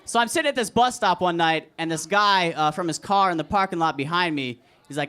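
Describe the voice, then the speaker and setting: A young man doing a crude, deadpan, self-deprecating stand-up comedy set at an open mic in a comedy club. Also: on the high side, fast talker, hardly any pauses, smooth. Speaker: stand-up comic. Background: audience laughter.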